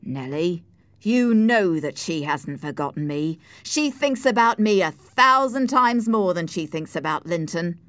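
Woman doing a brooding passionate young man in a storybook, forceful, emphatic, dry close sound. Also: on the low side, expressive, measured pace, dry recording. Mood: intense.

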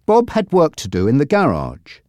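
A narrator reading a simple storybook in a clear, measured way. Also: mid-range voice, wildly swooping pitch, mellow, dry recording. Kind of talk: graded-reader audiobook narration.

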